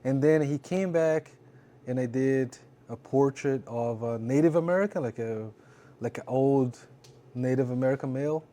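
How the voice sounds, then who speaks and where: A man hosting a relaxed interview, telling stories in a loose, chatty way, often saying "bro". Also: mid-range voice, normal speed. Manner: relaxed storytelling, peppered with "bro" and "like". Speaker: tattoo artist and podcast host. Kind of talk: casual interview chat.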